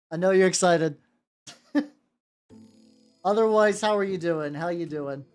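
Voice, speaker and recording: A woman's voice: lowish voice, darkish tone. A woman streaming as she paints miniatures, chatting casually, stammering, repeating herself and swearing freely. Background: faint background music.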